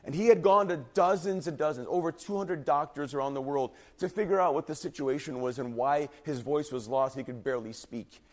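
A man preaching a sermon in an earnest, emphatic way, and his voice at times falters and turns quiet and husky. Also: a little high, fairly quick, hardly any pauses. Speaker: pastor.

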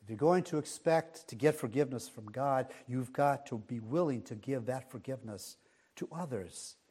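A man preaching a sermon, measured, often dropping to a hush on key words. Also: medium pitch, breathy edge.

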